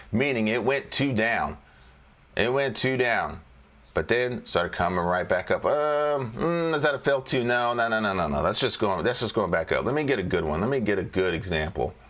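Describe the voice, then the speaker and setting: A man with a somewhat low voice talks through stock charts in a loose, casual way. He repeats phrases, riffs on the side, and laughs to himself as he works through the list. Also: fairly bright tone. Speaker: trading educator. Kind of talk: casual screen-share chart walkthrough.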